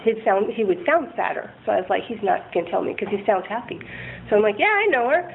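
A woman's voice: medium pitch, big pitch swings, fast talker, vocal fry. A woman candidly sharing a rambling, self-deprecating personal recovery story, laughing often. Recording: tinny phone-like line with faint noise.

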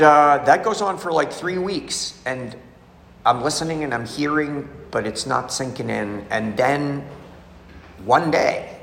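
A man with a medium-pitched, fairly bright voice edged with vocal fry tells his recovery story as a candid, emotional testimony, voicing the characters himself. It's recorded in an echoey hall with faint ambience and a touch of hiss or hum.

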